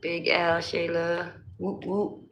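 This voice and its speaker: A woman's voice: on the low side, flat delivery, slow pace, creaky, fairly bright tone, soft background music, rough recording. A woman with a New Jersey accent chatting casually on a live stream, greeting and answering her viewers.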